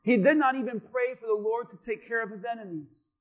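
A man with a strikingly high voice preaches a sermon as a pastor. He speaks straight to the congregation with questions and breaks into short acted-out quotes. The recording sounds dull and lo-fi. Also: fairly quick.

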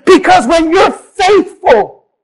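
A man, a pastor, preaching a sermon and telling a personal story with animated delivery that builds to forceful exhortation. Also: extremely high pitch, slow pace, low-quality recording.

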